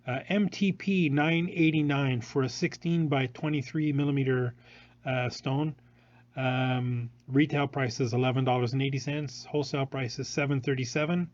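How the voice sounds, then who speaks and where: Male showroom host, rambling and hesitant, mid-pitched, dull lo-fi phone sound. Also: fairly even intonation, moderate pace, dry recording. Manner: rambling, with many fillers and restarts. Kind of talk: live product showcase.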